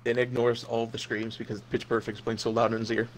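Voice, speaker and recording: A young man running a comedic role-play game as game master, narrating in a deadpan, crude way. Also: mid-range voice, fast talker, slight background noise.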